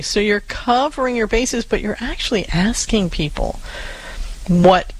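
A middle-aged woman co-hosting an advice show, offering steady, practical suggestions. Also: medium pitch, a little slow, low-quality recording. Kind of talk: casual advice talk.

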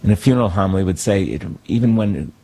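A man, a priest, talking in a thoughtful, reflective way, pausing to search for words. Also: deep voice, expressive, dark tone, husky. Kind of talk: conversational talk.

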